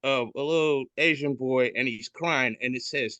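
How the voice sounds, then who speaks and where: A man's voice: medium pitch, moderate pace, bright, forceful tone, no room sound. A man hosting a casual podcast, describing memes in a joking, irreverent way over a video call. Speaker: podcast host.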